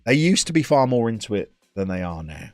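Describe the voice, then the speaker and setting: A man's voice: fairly low pitch, sing-song, a little fast, darkish tone, no echo, faint music behind. A man in his thirties from England chatting casually and teasing viewers while he streams a game from home. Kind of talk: casual live-stream chat.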